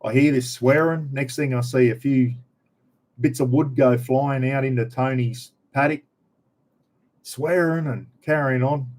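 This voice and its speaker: A man's voice: mid-range voice, fairly even intonation, measured pace, a little mellow. A middle-aged man with an Australian accent, chatting casually as a vlogger in an easygoing, slangy, rambling way.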